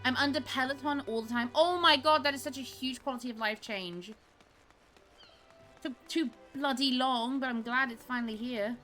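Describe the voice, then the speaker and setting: A woman's voice: fairly high pitch, steady tone, normal speed, a bit bright, soft background music. A woman game streamer with a slight lisp, giving chatty, self-deprecating gameplay commentary.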